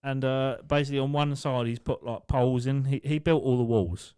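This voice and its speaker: A man's voice: mid-range voice, brisk, dark tone, clear, resonant tone, no room sound. Young guy telling work stories on a podcast, swears a lot, laughs, dry close sound. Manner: swears, laughs through his own stories. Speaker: podcast co-host. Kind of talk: casual storytelling chat.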